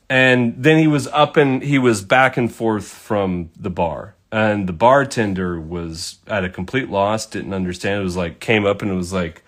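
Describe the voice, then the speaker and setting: A man's voice: lowish voice, moderate pace, few pauses. Rambling man telling a story. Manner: rambling, swears, lots of fillers. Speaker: painter telling a story while painting. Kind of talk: casual storytelling while painting.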